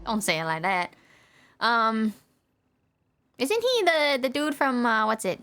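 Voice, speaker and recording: A young woman streamer chatting through a game, playful and rambling with frequent giggles. Her voice sits slightly high. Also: big pitch swings, slow, pushed and bright, faint music behind. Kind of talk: casual gaming commentary.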